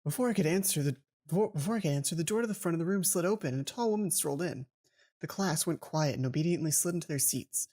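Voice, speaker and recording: A man's voice: on the high side, animated, quick pace, darkish tone. A man hosting a let's play, reading the game's text aloud and breaking off into stumbling asides. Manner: stumbling self-interrupting asides, restarts.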